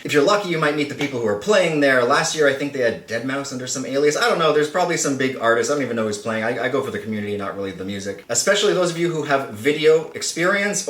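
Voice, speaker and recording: A man's voice: on the high side, fairly bright tone. A man hosting a casual vlog to camera, playful and self-mocking, rambling as he talks. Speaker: channel host. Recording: roomy, slightly distant mic.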